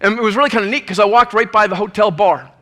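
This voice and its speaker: A male preacher telling a story in a sermon, lively and acting out the scenes. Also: high-pitched, fast.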